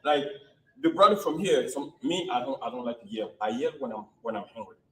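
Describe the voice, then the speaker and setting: Man, from West Africa, interview guest, halting and repetitive, echoey room, distant mic. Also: medium pitch, lively intonation. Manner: halting, repeats himself, restarts phrases. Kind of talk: casual interview.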